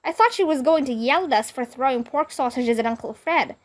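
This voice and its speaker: A woman reading a children's book aloud with expressive storytelling. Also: sits high, fairly quick. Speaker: read-aloud narrator.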